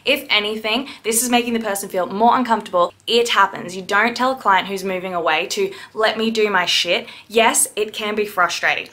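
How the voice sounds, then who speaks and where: Woman piercer, bright tone, blunt and indignant commentary, salty language. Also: medium pitch. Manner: blunt, indignant, swears freely. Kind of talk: ranting reaction commentary.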